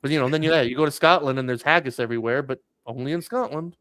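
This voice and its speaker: A man's voice: mid-range voice, fast talker, fairly bright tone, clear, resonant tone, no echo, clean studio sound. A man on a casual podcast, telling a rambling story with lots of restarts and "like"s. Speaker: podcast host. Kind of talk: casual chat.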